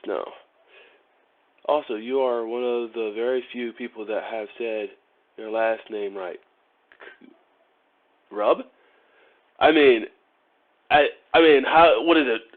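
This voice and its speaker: A man from Ohio chatting and joking with viewers while he wires up a motorcycle, laughing often. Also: medium pitch. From Ohio, USA. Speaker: motorcycle vlogger. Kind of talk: casual live-stream chat while wiring a motorcycle. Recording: phone-like narrow-band audio.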